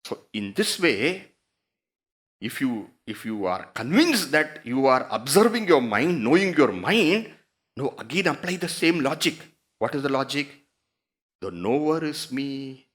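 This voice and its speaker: A man's voice: medium pitch, a bit bright. A man giving a spiritual discourse, teaching through rhetorical questions and emphatic repetition. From India.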